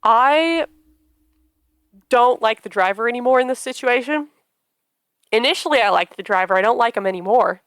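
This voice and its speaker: A woman streaming a game, reacting excitably with loud outbursts and laughter. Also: fairly high pitch, normal speed, pauses often, clear, resonant tone, no room sound, clean studio sound. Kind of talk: casual reactive commentary.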